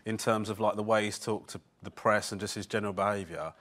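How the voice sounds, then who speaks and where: A man's voice: fairly low pitch, fairly even intonation, quick pace, a bit bright. A male comedian on a football podcast, ranting in a comic storytelling way and often asking "do you know what I mean". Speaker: comedian guest.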